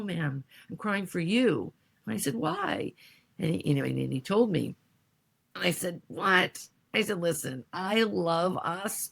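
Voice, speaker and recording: Animated woman telling a personal story. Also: deep voice. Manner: animated, acts out quoted voices. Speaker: podcast guest.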